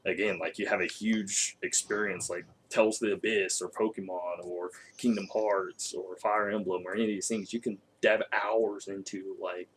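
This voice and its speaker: A man talking casually about video games in an animated way, laughing often and swearing. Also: deep voice, moderate pace, hardly any pauses, a little hiss or hum. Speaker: co-host. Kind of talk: casual gaming chat.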